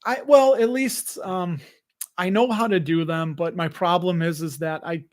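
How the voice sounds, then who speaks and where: A man's voice: high voice, unhurried. A man with a Chicago accent hosting a live investing stream, chatting casually, joking and laughing often as he reads comments.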